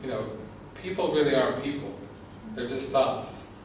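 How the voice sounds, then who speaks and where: At a normal speed and medium pitch, a man gives an informal spiritual talk as a teacher, earnest, laughing often, and repeating his words. The recording is echoey, with a distant mic and background noise.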